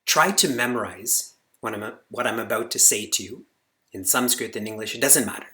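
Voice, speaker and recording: A man giving a spiritual discourse to students as their teacher, animated and rising sharply on key words, reciting Sanskrit slowly and asking the room short check-in questions. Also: on the low side.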